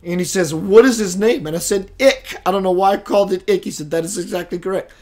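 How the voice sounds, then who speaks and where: A high-voiced man hosts a spiritual talk show as a casual livestream monologue. He speaks quickly and animatedly, telling stories, acting out quoted voices, and reading out viewers' names.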